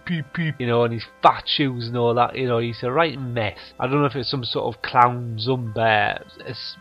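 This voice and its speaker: A man's voice: mid-range voice, highs cut off. A man hosting a comedy show, telling absurd rambling stories full of you know and like. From North East England. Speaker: comedy podcast host.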